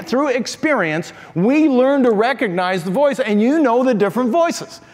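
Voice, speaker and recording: Older man, pastor, sermon, animated storyteller, asks the congregation questions, high-pitched, long hall reverb. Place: large church sanctuary.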